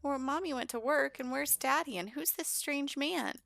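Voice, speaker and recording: A woman's voice: normal speed, gravelly, fairly bright tone. A woman voicing a curious, chatty little girl in a life-sim game let's play. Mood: excited. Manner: high, eager, sing-song.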